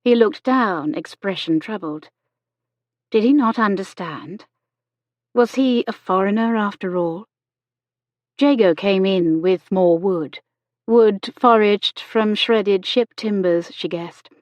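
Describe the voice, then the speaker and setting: A woman narrates a novel in a gentle, measured way. Her pace is slow, and her pitch sits mid-range. The recording is dry and dull, with a lo-fi sound. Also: no room sound. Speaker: audiobook narrator. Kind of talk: scripted narration.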